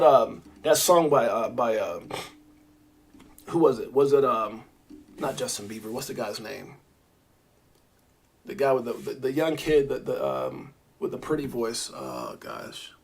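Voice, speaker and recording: A middle-aged man hosting a crypto live stream, talking in a rambling, animated way and answering viewers in the chat by name. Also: mid-range voice, a little slow, creaky. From Brownsville, Brooklyn, New York. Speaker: crypto livestream host.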